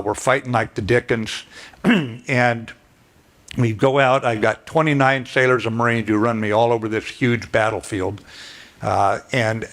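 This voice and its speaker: A man's voice: medium pitch, fairly bright tone. Plainspoken older man telling a story. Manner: folksy, plainspoken, with throat clearing and fillers. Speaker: retired general giving a speech. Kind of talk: storytelling speech to an audience.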